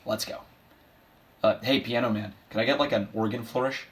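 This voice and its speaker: A man's voice: lowish voice, steady tone, normal speed, natural voice. A man playing a bitter, washed-up middle-aged male horse who delivers a sardonic, self-deprecating eulogy for his mother. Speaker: son giving a eulogy. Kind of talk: comedic dramatic monologue.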